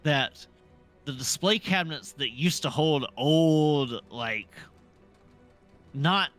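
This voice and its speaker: A man narrating a tabletop role-playing game as dungeon master, setting scenes in an unhurried, descriptive way. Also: on the high side, fairly bright tone, faint music behind.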